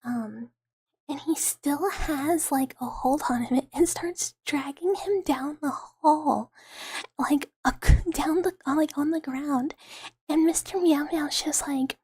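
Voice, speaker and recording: A woman's voice: high voice, slow, darkish tone, no room sound. A woman streaming ASMR, talking in a whispered role-play in a rambling way with many fillers, close to the mic.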